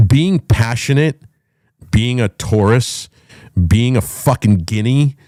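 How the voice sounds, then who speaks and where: A middle-aged man hosting a talk show, ranting with loud, profane, emphatic delivery and a voice that swings up and down. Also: medium pitch, a little slow, no echo, clean studio sound. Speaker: podcast host.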